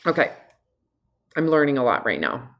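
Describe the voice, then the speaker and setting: A middle-aged woman coaching a client one-on-one in a frank, direct and animated way. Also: rumbling low, normal speed. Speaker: health coach. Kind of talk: one-on-one consultation.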